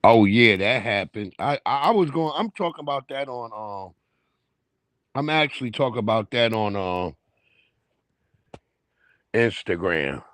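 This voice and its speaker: A man hosting a livestream, reacting to clips with loud, profane, laughing banter. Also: mid-range voice, expressive, a little slow, long pauses, no echo. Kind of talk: casual reaction commentary.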